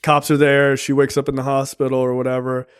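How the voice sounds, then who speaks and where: A man co-hosting a podcast, retelling a show's plot in casual, animated chat full of swearing and fillers. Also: mid-range voice, fairly quick, smooth. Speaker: podcast co-host.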